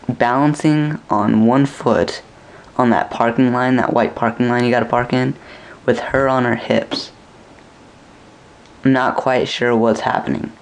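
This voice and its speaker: Young man telling a crude story. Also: medium pitch. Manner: crude, rambling, acts out quoted lines with a raised voice. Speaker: vlogger. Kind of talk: casual storytelling.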